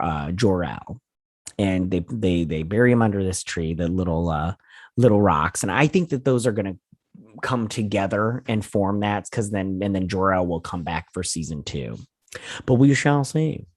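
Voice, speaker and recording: A man hosting a casual recap of a TV episode, retelling scenes in a chatty, animated way with playful quoted voices. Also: fairly low pitch, no room sound, clean studio sound. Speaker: show host.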